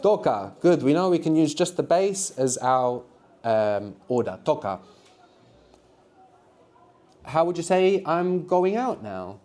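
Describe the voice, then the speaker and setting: A man's voice: on the high side, animated, slow, long pauses, mellow. A man teaching a live beginners' language workshop, patiently explaining and prompting students to answer.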